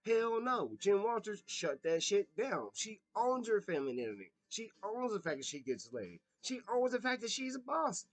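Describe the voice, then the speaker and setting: A man's voice: sits high, normal speed, hardly any pauses, dry recording, rough recording. A man talking through a casual, profane rant and laughing at his own slips. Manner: animated, profane, laughs at himself. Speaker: commentator.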